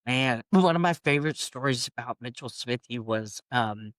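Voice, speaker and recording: A woman's voice: rumbling low, moderate pace, no echo. Laughing woman in her fifties, dry mic. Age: 50s. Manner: laughing, swearing, animated quoting. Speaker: singer and guest. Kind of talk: casual storytelling chat.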